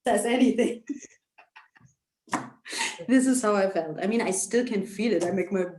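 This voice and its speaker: A woman telling a personal story in a casual interview, emotional and halting, with many restarts, over a video call. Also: mid-range voice, echoey room, background noise. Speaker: interview guest, actress.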